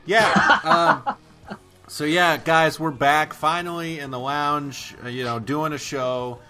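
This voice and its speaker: A man's voice: a little high, steady tone, slow, bright, forceful tone, faint music behind. A man co-hosting a horror movie podcast, joking around with loose, profane banter. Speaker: podcast co-host.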